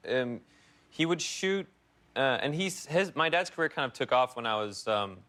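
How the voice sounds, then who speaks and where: A young man, an actor guest, rambling through animated stories with laughter in a casual interview. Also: medium pitch, moderate pace.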